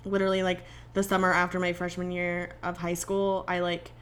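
A woman's voice: on the low side, completely flat delivery, brisk, smooth. A woman co-hosting a podcast in casual chat, talking in long rants full of "like". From Illinois. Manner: chatty, ranting, peppered with "like". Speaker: podcast co-host.

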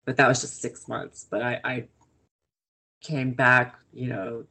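A woman's voice: very deep voice, fairly even intonation, a little slow, gravelly, sharp tone, husky. A woman in her thirties, co-hosting a podcast, chatting and telling stories with frequent laughter. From grew up in Italy in a military family. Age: 30s. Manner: chatty, laughs often, storytelling. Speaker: podcast co-host. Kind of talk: casual chat.

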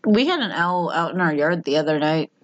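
A woman's voice: sits low, lively intonation, a little fast, dull audio, slight background noise. A woman co-hosting a podcast, chatting casually with a wry, self-deprecating humor. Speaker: podcast co-host. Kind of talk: casual chat.

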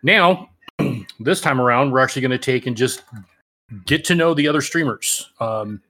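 A man's voice: medium pitch, normal speed, bright, forceful tone. A man co-hosting a casual podcast, laid-back and chatty, with plenty of filler words. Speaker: podcast co-host.

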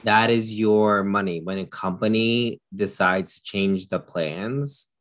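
A man in his thirties co-hosting a casual chat show, reassuring and playful, and quick to laugh. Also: on the low side, a bit bright, slight background noise. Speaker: podcast co-host.

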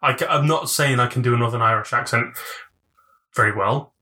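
A young man co-hosting a podcast, rambling through jokes and swearing in relaxed banter. His voice sits at a middling pitch with a bright, forward tone. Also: fairly quick. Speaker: podcast co-host. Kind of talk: casual banter.

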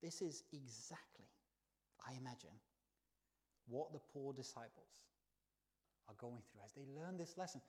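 A man preaching a sermon in a church, telling the story with lively swings between soft, hushed lines and loud exclaims. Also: mid-range voice, a little slow, pauses often. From not from the country where he preaches.

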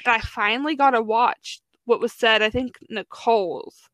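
A woman's voice: on the high side, a bit bright, no room sound. Chatty young woman, dry close sound. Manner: chatty, filler-heavy, quick restarts. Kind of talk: casual chat.

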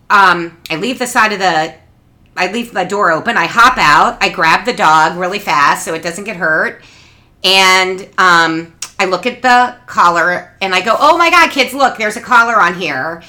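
Bright, animated woman storyteller. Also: medium pitch. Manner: animated, acts out quotes, laughs through story. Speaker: podcast co-host. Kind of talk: casual chat, storytelling.

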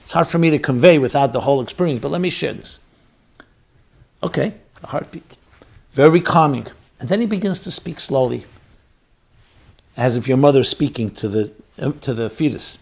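A man giving a sermon, swinging between loud exhortation and quiet storytelling. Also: medium pitch, lively intonation, brisk, gravelly.

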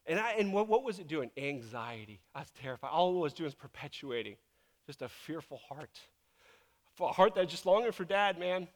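A man's voice: fairly high pitch, expressive, moderate pace. A man preaching as a pastor in a church, talking in an earnest, emotional and casual way full of fillers. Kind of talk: conversational sermon. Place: church sanctuary. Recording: long reverb of a large hall.

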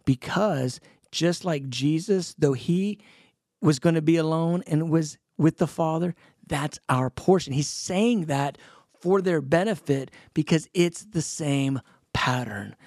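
A man's voice: fairly high pitch, slow pace, darkish tone, no echo, clean studio sound. A man co-hosting a casual Bible discussion. He exhorts listeners earnestly and retells scripture in everyday speech.

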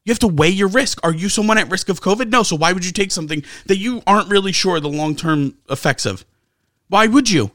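High-pitched ranting profane man. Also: lively intonation, fairly quick, a bit bright, no echo, clean studio sound. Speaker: sports podcast co-host. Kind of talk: heated sports talk rant.

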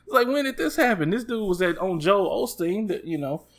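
A man co-hosting a casual chat, telling stories with lively acted-out quotes and laughter. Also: high-pitched, fairly quick. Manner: animated, acts out quotes with loud jumps and laughs. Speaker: podcast co-host.

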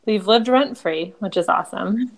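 A young woman co-hosting a podcast from a remote call, animated and rambling, often laughing. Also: mid-range voice, moderate pace, crowd noise. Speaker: podcast co-host. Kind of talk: casual chat.

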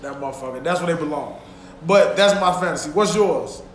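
A man hosting a casual podcast chat, telling stories loudly with lots of laughing and swearing. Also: a little high, fairly quick, a little hiss or hum. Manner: loud, laughing, profane storytelling. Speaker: podcast host. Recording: echoey room with faint ambience.

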